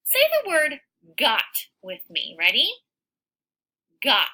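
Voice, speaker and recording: Lady teacher doing a phonics lesson for little kids, really bright high-ish voice, sounds out each letter. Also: breathy edge, rough recording. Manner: slow, sounds out words, animated encouraging teacher voice. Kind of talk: phonics lesson for young children.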